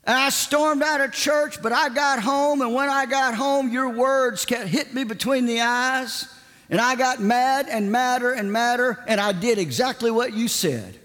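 An excited middle-aged churchwoman, as a preacher puts her on, tells her news in a breathless rush. The voice sits well above his own and rings with long reverb through a large church. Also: very high voice, measured pace, pitched above the performer's own voice.

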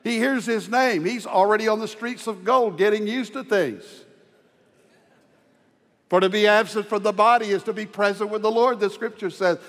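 A man preaching a sermon as pastor, dropping to hushed tender lows and rising to loud ringing proclamation. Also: normal speed. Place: large church sanctuary. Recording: long hall reverb.

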